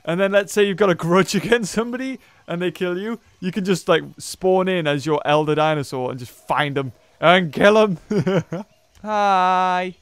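A man giving excitable let's play commentary, laughing, yelping and muttering to himself as he plays. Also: high-pitched, moderate pace, smooth, no room sound. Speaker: gameplay commentator.

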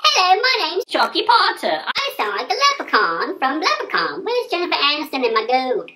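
Squeaky bright greedy leprechaun doll, jumps all over the place. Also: male voice, wildly swooping pitch, fairly quick, heavily acted. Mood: gleeful. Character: squeaky little male leprechaun-voiced doll wizard, greedy.

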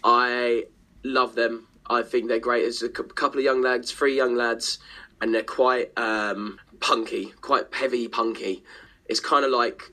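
A man's voice: medium pitch, fairly even intonation, a little slow, sharp tone. A man, chatting as a podcast guest and musician, talking enthusiastically in long rambling runs and swearing freely. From Essex, England. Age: 20s. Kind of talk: casual chat.

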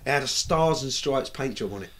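A middle-aged British man telling stories in a casual chat, lively and swearing freely as he acts out what people said. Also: medium pitch, brisk. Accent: British English. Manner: animated, acts out quoted dialogue, swears freely. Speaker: bike builder, guest. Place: recording studio.

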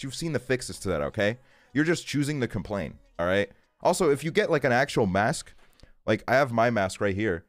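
A man's voice: mid-range voice, no echo. A man streaming from his bedroom, chatting casually and ranting with constant swearing and fillers like "like". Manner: profane, ranting, lots of fillers.

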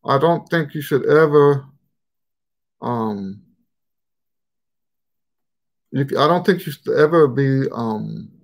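A man's voice: mid-range voice, lively intonation, takes it slowly, vocal fry, pauses often, highs cut off. An American man with a mixed, shifting regional accent, hosting a trumpet Q&A live stream in a rambling, casual way with many fillers. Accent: mixed American, Texan and Western Pennsylvania touches. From United States.

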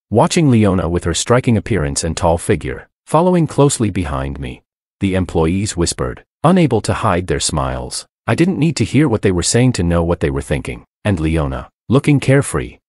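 A man's voice: deep voice, very animated, moderate pace, a little mellow, dry recording, clean studio sound. A man narrating a first-person story, reading every character himself in a lightly shifted voice.

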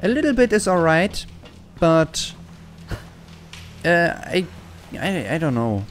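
A man's voice: fairly high pitch, big pitch swings, slow pace, a little hiss or hum. A man giving let's-play commentary, frustrated and swearing often. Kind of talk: gaming commentary.

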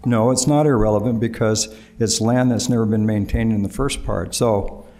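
Man with a warm, mellow, explanatory tone. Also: fairly low pitch, steady tone, normal speed. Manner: explanatory and defensive. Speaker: speaker defending a proposal at a council meeting. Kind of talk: council meeting discussion. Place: city council chamber.

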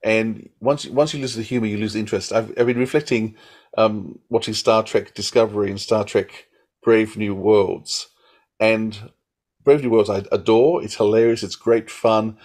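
A man co-hosting a podcast who shares considered opinions in a relaxed way. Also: lowish voice, normal speed. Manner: reflective, opinionated. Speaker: podcast co-host. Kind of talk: casual chat.

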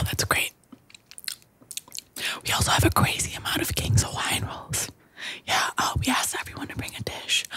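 A young woman doing a whispered ASMR role-play as a comedy host, talking in a breathy hush. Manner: breathy whispered delivery with sudden stops.

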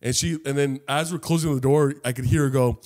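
A young adult man co-hosting a podcast, telling high school stories in a casual, animated way full of swearing. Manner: animated, swearing, quick asides. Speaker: podcast co-host. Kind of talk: casual comedic storytelling.

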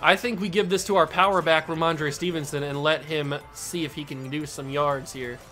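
Faint music plays behind a gaming YouTuber whose voice sits fairly high as he commentates live on a football video game at a moderate pace. Self-scolding over his mistakes, he moves from exasperation to animation.

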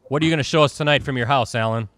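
A man hosting a quiz game on a live online show, keeping up a quick, upbeat game-show patter over a video call. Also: mid-range voice, fairly bright tone, no echo. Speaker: host.

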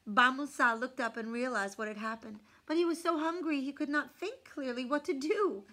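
Woman reading a picture book aloud, lively. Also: sits high, normal speed. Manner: expressive reading with hushed asides about the pictures. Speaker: storyteller.

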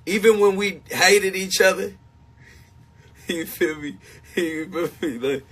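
Talking slowly to his livestream supporters, this man has a high-pitched, fairly bright, husky voice. His casual chat is emphatic and confessional, with points repeated and frequent laughter in between.

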